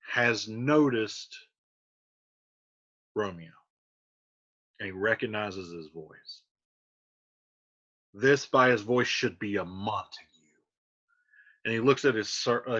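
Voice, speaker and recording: A man's voice: fairly low pitch, sharp tone, breathy edge, dull audio. A man casually explaining a play scene by scene, chatty and full of fillers. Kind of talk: casual lesson narration.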